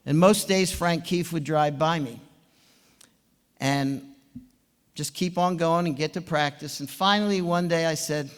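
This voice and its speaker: Animated older man telling stories in a hall. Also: on the high side, measured pace, pauses often, clean tone. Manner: animated storyteller, chuckling. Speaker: swim coach giving induction speech. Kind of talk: anecdotal speech to an audience. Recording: long hall reverb.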